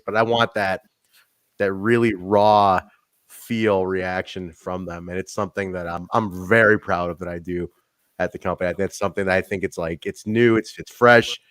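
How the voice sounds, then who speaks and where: A young man hosting a podcast, telling backstage stories in an animated, laughing, profanity-filled way. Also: fairly low pitch, dry recording. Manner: animated, swearing, laughing storyteller. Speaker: podcast host. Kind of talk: casual chat.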